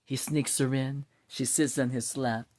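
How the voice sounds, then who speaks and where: A man's voice: mid-range voice, measured pace, a little hiss or hum. A man casually retelling a dramatic story and acting out its scenes. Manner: animated, acts out scenes.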